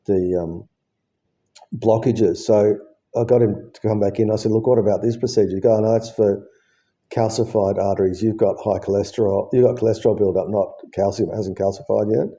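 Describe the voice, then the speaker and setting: A man's voice: fairly low pitch, steady tone, a little fast, mellow. A man, telling the story of his heart surgery in a casual, blunt way, swearing freely and acting out what people said. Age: 50s. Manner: blunt, swears freely, acts out both sides of conversations.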